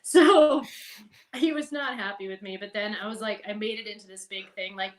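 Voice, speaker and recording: A middle-aged woman, a podcast guest, telling stories in a casual, animated way, laughing and swearing now and then. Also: a little high, moderate pace. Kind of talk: casual storytelling.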